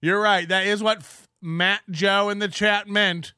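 A man's voice: high-pitched, steady tone, unhurried, hardly any pauses, pushed and bright, clean tone, no echo, clean studio sound. A male host giving crude, sarcastic commentary on stream clips and mimicking the people in them.

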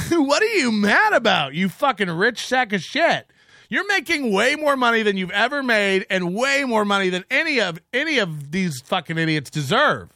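A middle-aged man hosting his show in a profane, mocking rant that rambles from point to point. His voice rides high and swoops around with a bright edge. It is recorded dry on a close mic. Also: very animated, moderate pace, no room sound. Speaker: podcast host. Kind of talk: casual rant reading chats.

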